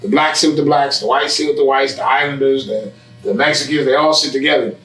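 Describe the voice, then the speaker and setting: A man telling his story in a casual interview, with preachy, animated storytelling and street slang. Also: medium pitch, quick pace, reverberant, recorded from a distance, soft background music, rough recording. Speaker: guest, barbershop owner. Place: barbershop.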